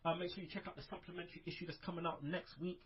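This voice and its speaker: A man's voice: high-pitched, steady tone, racing, breathy edge. A man hosting a casual wrestling podcast, rambling with lots of fillers in an upbeat way, over a muffled online call. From United Kingdom. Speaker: podcast host.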